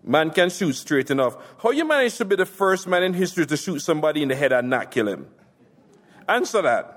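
A foul-mouthed gangster rants in a boastful, mocking way, as a man puts him on. His voice sits somewhat high for a man. A long reverb from a hall trails every line. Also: big pitch swings, a little fast, a bit bright. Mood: angry mocking.

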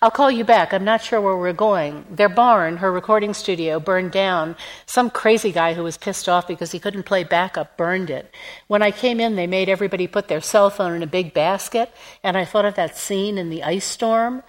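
A woman voicing a restless, wry heroine who talks quickly in an audiobook. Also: mid-range voice, lightly acted, poor audio. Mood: brisk.

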